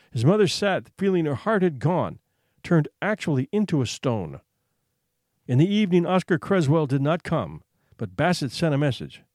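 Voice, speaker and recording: A man narrating a short story in an expressive, suspenseful reading. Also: on the high side, dry recording, studio quality. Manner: expressive, suspenseful, hushed for tension.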